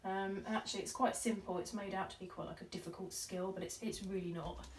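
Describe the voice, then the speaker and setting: A woman's voice: medium pitch, fairly even intonation, fast. A woman, a makeup artist talking through a look in casual, playful chat as she works. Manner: chatty, playful, giggly asides. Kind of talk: casual tutorial chat while working. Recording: slightly distant mic with faint noise.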